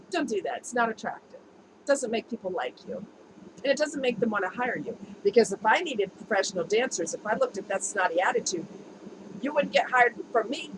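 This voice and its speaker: A woman's voice: on the high side, lively intonation, brisk. A woman vlogging casually to camera, talking candidly and laughing easily as she shares her experiences. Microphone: camera mic. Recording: home video with noticeable background noise.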